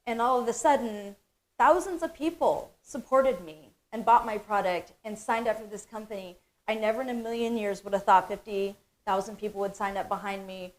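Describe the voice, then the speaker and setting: A middle-aged woman hosting a live stream for her company, talking in an emotional, effusive way with bursts of excitement. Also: mid-range voice, moderate pace.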